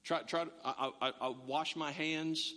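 A middle-aged man preaching a sermon in an animated, joking way, often restarting his words. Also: on the high side, unhurried. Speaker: pastor. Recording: long hall reverb.

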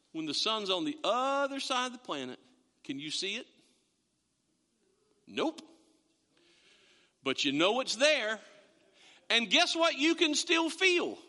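Animated, bright-voiced man preaching in a hall. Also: high-pitched. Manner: animated, rising emphasis on quoted scripture. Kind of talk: sermon.

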